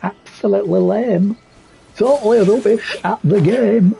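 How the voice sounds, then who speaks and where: Man doing a scoffing pro gamer, put-on soft English accent, gravelly low voice. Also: unhurried, a little hiss or hum, heavily acted, rough recording. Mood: mocking. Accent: put-on regional English, soft. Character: sneering male expert game player, mocking.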